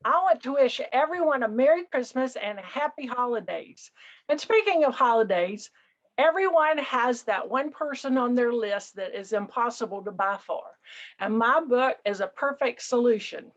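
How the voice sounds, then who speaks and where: An older woman, an author and retired flight attendant, telling funny work anecdotes in an animated, jokey way over a video call. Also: on the high side, normal speed. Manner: animated, jokey, acts out passengers. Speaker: author presenting her book. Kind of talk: lively anecdotal storytelling. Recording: dull lo-fi video call audio.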